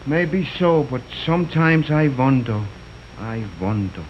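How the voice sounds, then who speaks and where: An actor playing a kindly, worried middle-aged widowed shopkeeper in a 1930s film, soft-spoken with broken English phrasing. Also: male voice, medium pitch, expressive, a little slow, slight background noise, lightly acted. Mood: gentle. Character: kindly widowed merchant father, fretful. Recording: muffled early sound film.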